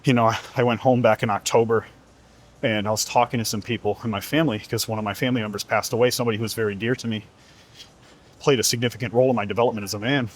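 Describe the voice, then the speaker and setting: A man's voice: fairly low pitch, fairly even intonation, very fast. A man who is a fitness coach giving an earnest, emphatic motivational talk, repeating rhetorical questions to the listener.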